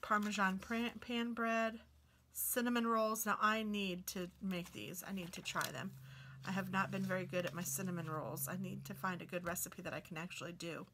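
A woman flips through a cookbook, reading out recipe names in a casual, chatty way and reacting with delighted exclamations. Her voice is bright and forward, at a middle pitch for a woman. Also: steady tone, normal speed, slight background noise. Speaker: craft and book video host.

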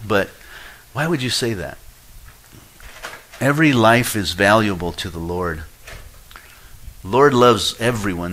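A man's voice: bright, forceful tone, rough recording. A man preaching an expository sermon as a pastor, conversational with restarts, rising into pleading when he acts out prayers. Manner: pleading, rises in pitch and volume when acting out prayers.

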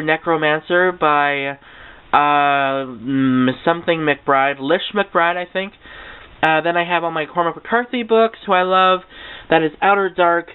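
A young man with a somewhat high, smooth voice chats in a gushing way and makes fun of himself now and then. The sound is thin and tinny, as if from a cheap webcam mic. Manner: chatty and gushing, with self-mocking asides. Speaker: book vlogger. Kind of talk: casual chat.

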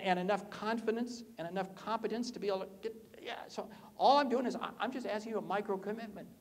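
A man speaking from the stage at a sales conference, with a fairly high voice that climbs and drops all over the place as he works the crowd. He talks to the audience directly, teases people in the room, and punches key lines. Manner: animated, swoops pitch up and down, jokes with audience. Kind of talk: energetic conference talk. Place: conference hall.

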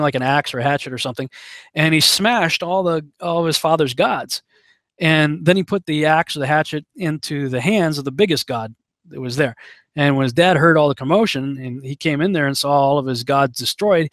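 A male Bible teacher delivers a relaxed, conversational sermon that moves between storytelling and scripture reading. His voice sits a little above the usual male pitch. The recording is dry and close, with no room echo. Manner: conversational, with many fillers and restarts, reads scripture aloud.

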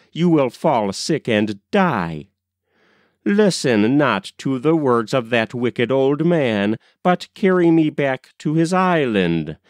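A man's voice: medium pitch, dry recording. A man reading aloud and voicing a brave young male hero who speaks in a defiant, commanding way, in a dry recording. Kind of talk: audiobook character reading.

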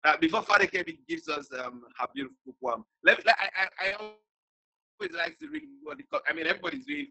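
An excitable man hosts an online reading, gushing and tripping over his own restarts. His voice is bright and gravelly with a husky edge. His pitch leaps all over the place. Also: brisk, poor audio. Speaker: host. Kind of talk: casual hosting on a video call.

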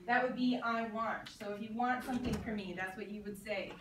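A fairly high-voiced woman teaches a classroom, calling out short phrases for students to echo and then explaining them. She is heard from a distance in an echoey room, with a faint hiss underneath. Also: steady tone, a little fast. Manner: says phrases in Spanish for the class to repeat, then translates. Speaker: Spanish teacher.

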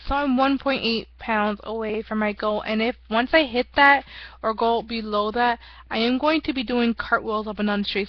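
A woman's voice: a little high, no room sound, dull audio. A young woman giving a rambling, self-mocking casual vlog update, often laughing at herself. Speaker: vlogger.

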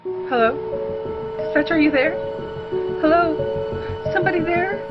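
Woman as a frightened high-voiced caller, panicky and stammering, over loud music. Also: animated, unhurried, highs cut off. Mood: scared. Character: frightened woman calling police dispatch.

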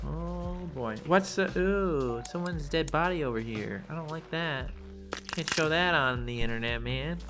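A young man giving jokey let's play commentary on a video game, now and then leaping into squeaky put-on voices. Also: expressive, moderate pace, over music. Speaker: gaming YouTuber.

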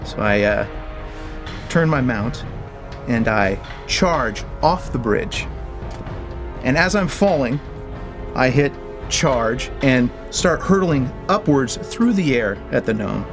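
A man tells a story from his work in an interview, lively and joking. His voice sits at an ordinary middle pitch, and faint music plays quietly under him. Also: takes it slowly, pauses often. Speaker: game developer. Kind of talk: anecdote in an interview.

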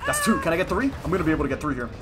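A young man giving excited, profane live commentary while playing a video game and talking at his opponents. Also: on the high side, rapid-fire, very noisy. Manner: hyped, profane, talks to opponents on screen. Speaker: gaming streamer. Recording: game music behind the voice.

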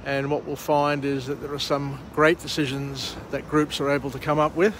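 A man's voice: medium pitch, flat delivery, normal speed, slight background noise. An Australian man hosting a walk-and-talk vlog beside an urban harbour, summarising a book with a rambling, chatty manner. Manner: chatty, rambling with fillers and restarts. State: muffled by a face mask. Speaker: vlog host. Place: outdoors by an urban harbour, walking.

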